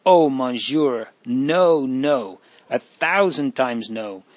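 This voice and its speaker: A man's voice: a little slow, dry recording, lightly acted. A man voicing an earnest pleading young girl. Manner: raised pitch, emotional pleading.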